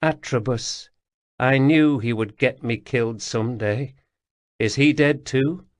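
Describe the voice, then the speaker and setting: A man reading an audiobook voices the ghost of a dead woman soldier who speaks in a quiet, murmuring, resigned way. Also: mid-range voice, slow, no room sound, close to an everyday voice. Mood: calm, wry. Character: female soldier's ghost, calm, wry, gentle.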